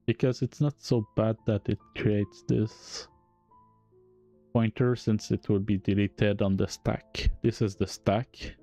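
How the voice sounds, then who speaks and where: Slow, gravelly French-accented man. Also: lowish voice, little pitch movement, dark tone, faint music behind. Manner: halting, self-correcting, chuckling. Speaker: game developer streamer. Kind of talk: live-stream coding explanation.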